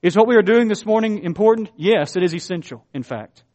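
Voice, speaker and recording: A man preaching a sermon as a pastor, with emphatic pauses and big swings between soft and loud. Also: high voice, expressive.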